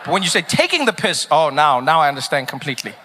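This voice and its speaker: A man performing a stand-up comedy routine, riffing in an animated, mock-puzzled way and acting out quotes. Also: a little high, fast talker, slight background noise. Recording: reverberant hall, faint ambience.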